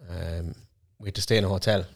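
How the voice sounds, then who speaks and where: A young Irish man from Cork with a low, deep voice, rattling through a story at a quick clip. He co-hosts a casual podcast chat, swears freely and acts out what others said in his own voice. His talk stays loose and unscripted. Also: steady tone, creaky. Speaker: podcast co-host.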